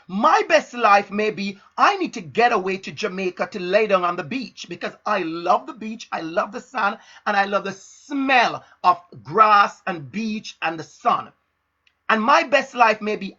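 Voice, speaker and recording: A man delivering an emphatic, frank motivational talk, driving home each point through repetition. His voice is bright and a little husky. The stream audio is dull and lo-fi. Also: sits high. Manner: emphatic, repeats phrases for stress; frank and direct. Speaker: motivational speaker.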